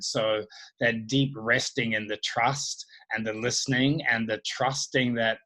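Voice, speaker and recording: Man, host of a spiritual dialogue; bright, forceful tone; contemplative, unhurried delivery. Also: mid-range voice, poor audio. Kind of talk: reflective spiritual conversation.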